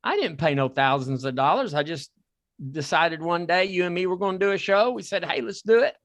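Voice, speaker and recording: A man with a Southern accent hosting a talk podcast, excitable and repeating himself as he pitches a sponsor. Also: a little fast, no echo. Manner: excitable, repeats words and restarts. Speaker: podcast host. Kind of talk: casual chat with a sponsor plug.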